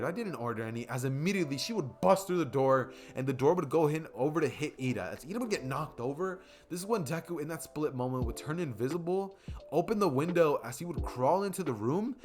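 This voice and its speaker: A man's voice: on the high side, animated, fairly quick, darkish tone, faint music behind. A young man casually narrating a fan story he makes up as he goes, rambling, with fillers.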